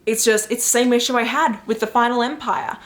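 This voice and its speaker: Chatty excitable woman, higher voice. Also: brisk. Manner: chatty and excitable, with lots of fillers. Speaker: book vlogger. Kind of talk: casual chat to camera. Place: home in New York.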